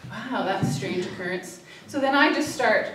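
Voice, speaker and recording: A woman's voice: medium pitch, lively intonation, moderate pace, a bit bright, a little hiss or hum. Woman speaking in an echoey hall. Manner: storytelling, acts out cries for help; hesitant, many fillers. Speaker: social worker giving a talk. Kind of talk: public talk with slides. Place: church hall. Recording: echoey hall, distant mic.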